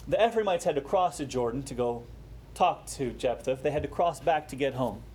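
A man preaching a sermon, explaining a scripture passage with rising emphasis and quieter, slower asides. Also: medium pitch, lively intonation, slight background noise. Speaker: pastor.

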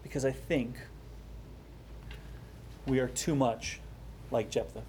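A man preaching a sermon, explaining a scripture passage with rising emphasis and quieter, slower asides. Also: mid-range voice, steady tone, slight background noise. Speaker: pastor.

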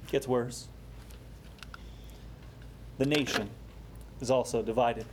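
A man preaching a sermon, explaining a scripture passage with rising emphasis and quieter, slower asides. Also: mid-range voice, steady tone, a little hiss or hum. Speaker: pastor.

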